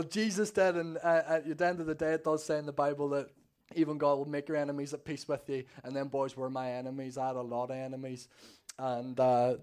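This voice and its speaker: A man's voice: on the high side, a little mellow, smooth. A Northern Irish man giving a rambling personal testimony at a church service, slightly nervous, full of fillers and restarts. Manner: rambling, many fillers and restarts, acts out quoted talk. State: a bit nervous.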